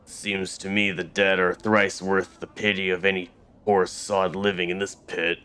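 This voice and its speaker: A man's voice: deep voice, flat delivery, measured pace, pushed and bright, clean tone. A man voicing a plain-spoken male city local in a computer game, with folksy dialect phrasing. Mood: weary folksy.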